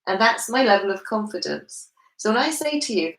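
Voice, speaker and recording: A woman's voice: on the high side, lively intonation, a little fast, fairly bright tone, reverberant, rough recording. A woman with a confident manner, explaining at length in a casual book club chat.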